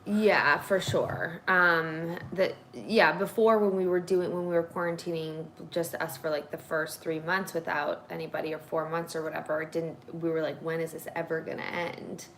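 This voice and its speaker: A woman's voice: low voice, steady tone, normal speed, few pauses, a bit bright, a little hiss or hum, rough recording. A woman in her thirties hosting a casual home livestream, chatting candidly with many fillers. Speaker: vlog host. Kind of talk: casual chat. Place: home, at a table.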